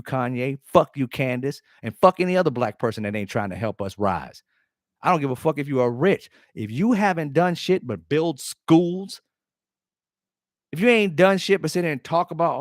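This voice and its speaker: A man's voice: on the low side, no room sound, clean studio sound. A man hosting his own show, delivering a fiery, profane monologue. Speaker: host. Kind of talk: impassioned monologue.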